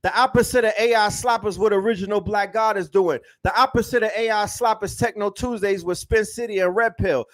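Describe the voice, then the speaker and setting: A man's voice: sits high, steady tone, fairly quick, hardly any pauses, fairly bright tone. A man hosting an online talk, speaking emphatically with slang and lots of repetition. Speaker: host. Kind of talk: animated lecture-style talk.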